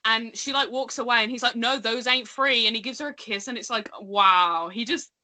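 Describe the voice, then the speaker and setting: A young woman co-hosting a podcast who talks fast and gushes in excited casual chat, with lots of "like". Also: on the high side. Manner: gushing, fast, says "like" often. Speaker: podcast co-host.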